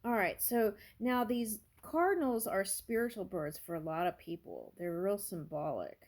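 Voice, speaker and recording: A woman's voice: mid-range voice, animated, normal speed, a little mellow. A woman doing a casual tarot reading, thinking aloud and musing over each card with small exclamations. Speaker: tarot reader.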